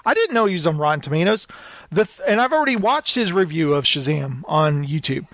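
A man co-hosting a casual chat show, telling stories with animated acted-out quotes. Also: fairly high pitch, a little fast, no room sound. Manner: animated storyteller, acts out quotes. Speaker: podcast co-host.

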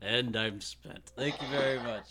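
A podcast co-host, a man with a medium-pitched, bright, forceful voice, chats casually at a measured pace. He jokes and laughs often.

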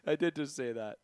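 A man co-hosting a sports podcast in a higher, very lively voice that swings widely in pitch. He mostly pops in with short, quick quips. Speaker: podcast co-host. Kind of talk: casual sports podcast chat.

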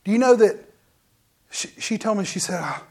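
Animated preacher. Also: medium pitch, moderate pace. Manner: animated storytelling, often restarts mid-sentence; addresses the audience directly with asides. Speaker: minister. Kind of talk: sermon testimony to a congregation.

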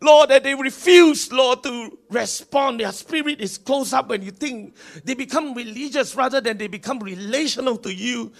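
A man leading a congregation in fervent prayer, repeating invocations and rising to shouts. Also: extremely high pitch, normal speed. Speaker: pastor. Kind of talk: sermon prayer.

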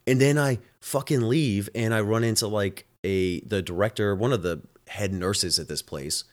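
A man's voice: on the low side, normal speed. A man hosting his own show, a home health nurse telling a work story in a casual, exasperated way, often swearing.

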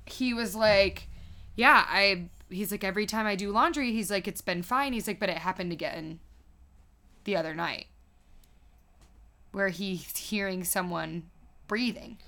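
A woman's voice: medium pitch, a little slow, pauses often, pushed and bright. A woman co-hosting a horror podcast in casual chat, jokey and emotional, swearing freely. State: tearing up. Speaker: podcast co-host.

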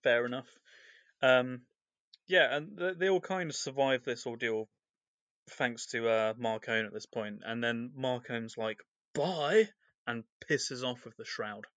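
A man's voice: mid-range voice, unhurried, fairly bright tone, no echo. A man co-hosting a podcast, recapping a novel's chapters in a loose, rambling way full of fillers. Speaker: podcast co-host. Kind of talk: casual book discussion.

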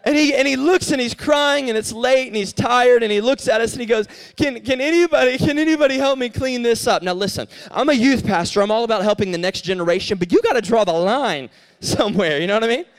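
High-voiced animated youth pastor man. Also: fast talker, few pauses. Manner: animated storyteller, acts out dialogue with rising voice. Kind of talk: storytelling youth sermon.

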